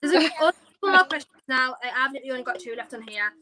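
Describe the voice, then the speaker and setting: A woman's voice: sits high, expressive, fast, crowd noise. A woman co-hosting a podcast, reading out viewer questions in a chatty, rambling way. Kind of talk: casual chat. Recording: noisy background.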